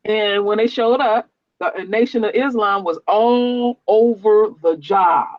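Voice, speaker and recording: A man tells a heated, animated story, his voice rising and falling as he speaks. The sound is muffled and dry, like audio from a video call in a small room. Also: high-pitched, a little slow, dry recording. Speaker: construction worker, panel guest. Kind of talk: casual online discussion.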